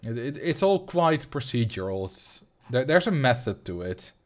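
A man's voice: mid-range voice, big pitch swings, moderate pace. A young man from the Netherlands with a Dutch accent, chatting loosely on a livestream and answering his chat as he plays. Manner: rambling, reads chat aloud and answers. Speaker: streamer.

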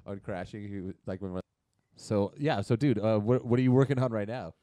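Crude, animated male podcast storyteller. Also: on the low side, brisk, no echo. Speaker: podcast co-host. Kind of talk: casual storytelling chat.

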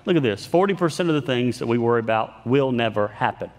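A pastor preaches a storytelling sermon in a church sanctuary, his medium-pitched, darkish voice animated and quick. He keeps it conversational, pokes fun at himself, and often restarts his sentences. The hall's reverb lingers long.

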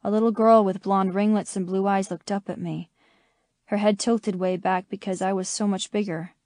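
Woman narrating in a warm, dry voice. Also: medium pitch, dry recording. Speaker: audiobook narrator. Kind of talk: scripted first-person narration.

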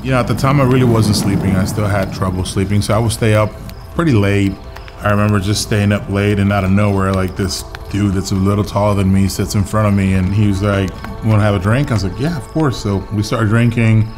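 Young guy, documentary storyteller, low-ish voice, loose and chatty, music bed underneath. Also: level tone, fairly quick. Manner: casual, lots of filler words, acts out quotes. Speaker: interviewee telling his story.

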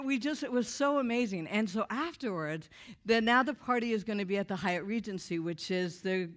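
At a church event, a woman gives a personal testimony to an audience in an animated, humorous storytelling style. She moves quickly through her story, acting out the voices of the people in it, and her voice is on the low side.

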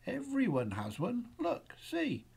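A storybook reader voicing a friendly young male monster who gently coaxes his shy friend. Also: mid-range voice, huge pitch swings, slow, gravelly, husky, pitched above the performer's own voice, exaggerated voice. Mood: reassuring. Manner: kind and coaxing.

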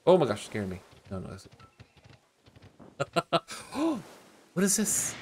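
A man streaming a video game, talking casually and getting excited about each new find. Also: medium pitch, measured pace, long pauses, soft background music. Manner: excitable, gasping and laughing at new discoveries. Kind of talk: casual gameplay commentary.

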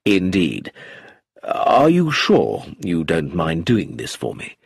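A man voicing a fond, anxious middle-aged husband who talks in an earnest, gentle way in a storybook reading. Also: low-pitched, wildly swooping pitch, slow, creaky, breathy edge, dry recording, clean studio sound, pitched below the performer's own voice, full character voice.

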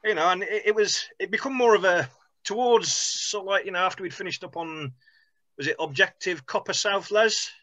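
Rambling veteran, bright voice. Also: male voice, sits high, a little fast, dry recording. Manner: rambling, full of "sort of" and "you know". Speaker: army veteran guest. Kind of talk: recounting war memories on a video call. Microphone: video call. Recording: dry, lo-fi video call audio.

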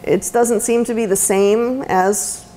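A woman's voice: fairly high pitch, steady tone, takes it slowly, dark tone, a little hiss or hum. A woman giving a conversational lecture as an autism educator, with frequent ums and restarts. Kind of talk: university lecture talk. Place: lecture room.

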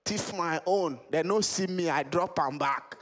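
A man telling a comic story in Nigerian Pidgin, animated and laughing as he acts out the scenes. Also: fairly high pitch, a little slow. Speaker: stand-up comedian.

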